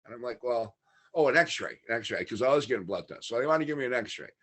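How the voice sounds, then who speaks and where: A man's voice: medium pitch, lively intonation, fast, fairly bright tone, slightly rough. A man talking as a podcast guest, telling a long personal story in a candid, matter-of-fact way. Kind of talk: casual interview storytelling.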